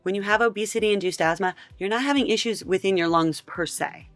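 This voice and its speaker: This woman hosts a reaction video, delivering commentary in an exasperated, incredulous, emphatic way. Her medium-pitched voice runs a little fast, with no room sound and faint music in the background.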